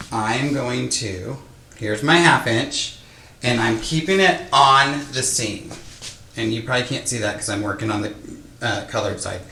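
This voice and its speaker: A man teaches quilting in a relaxed, rambling way, thinking aloud and poking fun at himself as he trims fabric. His voice sounds bright and forward. The sewing room is echoey, with a faint hiss underneath. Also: medium pitch. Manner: chatty, self-deprecating, thinking aloud with fillers. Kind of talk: casual sewing tutorial. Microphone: microphone close to his face.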